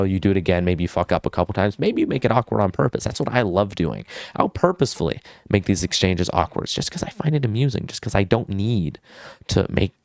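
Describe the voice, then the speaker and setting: Young man, low voice, dry close sound, casual vlog advice, goofy, swears a lot. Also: a little mellow, no room sound. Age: young adult. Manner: swearing, goofy, lots of fillers. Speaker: vlogger giving social advice.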